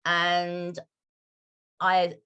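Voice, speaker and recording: A British woman English teacher from London, speaking with a polished RP accent in measured, slowed speech on a video call. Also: on the low side, monotone, bright, forceful tone, clean tone, muffled recording. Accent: British RP, London roots. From London, England. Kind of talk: online Q&A talk.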